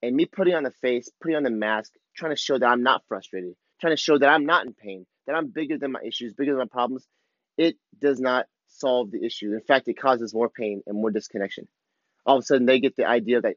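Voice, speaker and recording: Talking fast at a medium pitch, a father vlogger in his thirties gives a candid, confessional account of his struggles, with casual swearing. The sound is dry and lo-fi.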